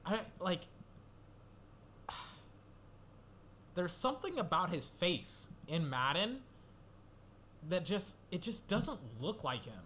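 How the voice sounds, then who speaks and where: A man's voice: sits high, big pitch swings, slow, pauses often, a bit bright, slight background noise. A young man rambling through casual solo commentary, swearing and getting worked up as he goes. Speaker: gaming commentator.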